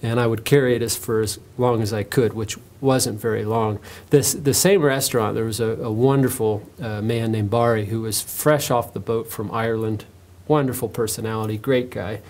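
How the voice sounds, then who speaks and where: An American man, an author, talking about himself in an interview, telling stories in a relaxed, self-mocking way with fillers. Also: on the low side, moderate pace. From United States. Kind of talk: interview monologue, telling anecdotes.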